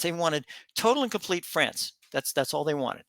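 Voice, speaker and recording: A man's voice: high voice, sing-song, quick pace, creaky, hardly any pauses, pushed and bright, dry recording. A middle-aged man giving a casual opinion monologue as a commentary host, emphatic and repetitive with folksy asides.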